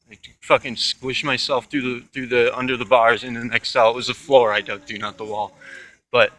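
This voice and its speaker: Young man, rambling profane storyteller with a bright, pushing edge to the voice. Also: medium pitch, low-quality recording. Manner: profane, rambling, with restarts and asides. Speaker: channel host.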